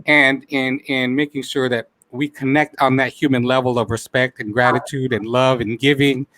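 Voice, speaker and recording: A man's voice: mid-range voice, level tone, moderate pace, bright, forceful tone, no room sound. A man hosting a live talk show, speaking with heartfelt emotion and saying he is close to tears. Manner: heartfelt, repeats phrases, says he is near tears. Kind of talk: emotional live-stream chat.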